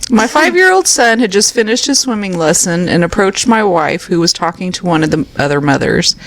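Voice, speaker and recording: A woman's voice: on the low side, lively intonation, a little fast, low-quality recording. A woman co-hosting a podcast, reading funny listener stories aloud and often laughing. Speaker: podcast co-host.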